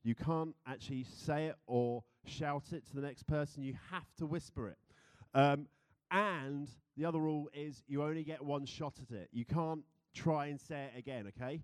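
A man's voice: a little high, steady tone, moderate pace, hardly any pauses, smooth, dry recording, studio quality. A young British man preaching a sermon, playful and chatty, who laughs easily and leads the congregation in a game. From Britain. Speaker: pastor.

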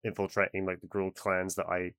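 Casual co-host: man, low resonant voice, dry close sound, eager rambling storyteller. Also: flat delivery, fairly quick, fairly bright tone, dry recording. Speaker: podcast co-host and game master. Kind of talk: casual chat.

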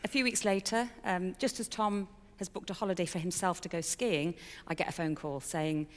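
A woman's voice: on the low side, fairly even intonation, normal speed, big-room sound. A middle-aged woman giving a personal testimony in a candid, chatty storytelling way with fillers and a touch of self-mockery. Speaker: speaker sharing a personal testimony.

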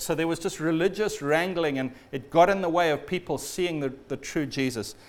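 A man preaching a sermon in a storytelling way, often dropping low and quiet at the ends of phrases. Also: moderate pace, hardly any pauses.

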